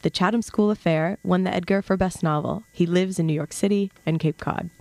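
A woman hosting a radio interview in a studio, speaking haltingly with many fillers. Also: on the low side, creaky, a little mellow. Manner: halting, with many fillers and restarts, laughs easily. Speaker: radio show host. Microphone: studio mic.

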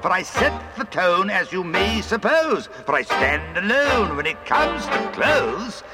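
A man's voice: high voice, sing-song, measured pace. A man singing as a boastful young dandy about town in an old music-hall song, jaunty and swaggering. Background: swing band.

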